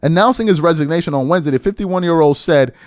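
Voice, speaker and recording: A man's voice: a little high, quick pace, no room sound, studio quality, faint music behind. A man hosting a podcast, giving heated political commentary and reading news articles aloud with incredulous questions. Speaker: podcast host.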